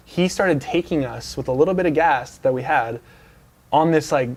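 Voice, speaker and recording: A man's voice: medium pitch, moderate pace. A man as a guest on a casual interview show, telling a rambling anecdote full of fillers and restarts, in a lounge. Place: dealership lounge couch.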